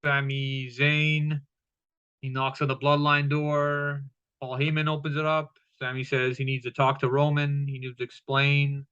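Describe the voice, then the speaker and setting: A man's voice: medium pitch, little pitch movement, a little slow, sharp tone, smooth, dull audio. A man giving a casual, profane recap of a wrestling show, with lots of fillers.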